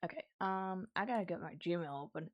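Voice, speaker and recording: A young woman streamer chatting casually with her viewers while she draws, easily excited and quick to laugh. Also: fairly low pitch, lo-fi sound, a little hiss or hum. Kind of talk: casual livestream chat while drawing.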